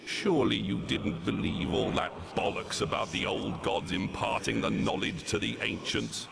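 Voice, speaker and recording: A man's voice: fairly low pitch, moderate pace. An actor playing Legion, a grandiose ancient male villain who mocks and gloats, voiced in a video game cutscene. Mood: gloating. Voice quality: gravelly, theatrical and mocking. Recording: game audio with loud background noise.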